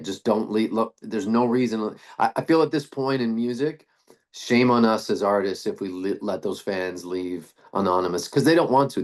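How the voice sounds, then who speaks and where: A middle-aged man, a band frontman, talking casually in an interview, rambling with restarts and fillers. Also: fairly low pitch. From Canada.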